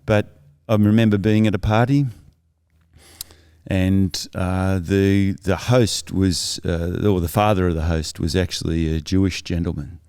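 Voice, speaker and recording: A man's voice: deep voice, steady tone, unhurried, darkish tone, clean tone, no room sound, clean studio sound. A man as a podcast guest, earnestly telling his life story in a thoughtful, reflective way that is often self-correcting.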